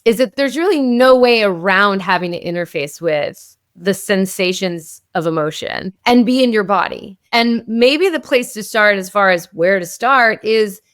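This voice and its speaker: A woman's voice: mid-range voice, animated, unhurried, a bit bright, clear, resonant tone, no echo, clean studio sound. A woman psychotherapist and author, a guest in an interview, explaining ideas in a flowing, casual way and often checking in with "like" and "right?".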